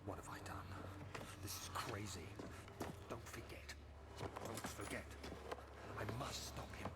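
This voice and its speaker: A man's voice: lowish voice, expressive, slow pace, very noisy. A man voicing a haunted, desperate amnesiac hero in a horror video game, in a strained near-whisper. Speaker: game character. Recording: faint game audio from far off.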